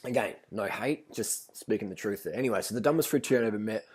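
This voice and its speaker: A man's voice: fairly low pitch, quick pace, darkish tone, slightly rough. Male vlogger, rambling storyteller, swears freely, blunt and casual.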